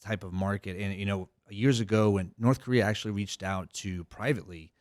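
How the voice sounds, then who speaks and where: Speaking a little fast with fairly even intonation, this middle-aged cybersecurity CEO has a darkish, lowish voice. As a podcast guest he talks casually and rambles with plenty of fillers and restarts, captured in clean studio sound without echo.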